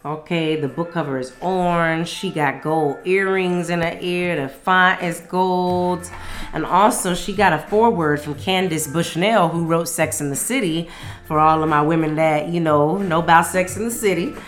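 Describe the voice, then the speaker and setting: A woman's voice: on the low side, normal speed. A woman casually reviewing a book and reading from it aloud, enthusiastic and full of slang and swearing.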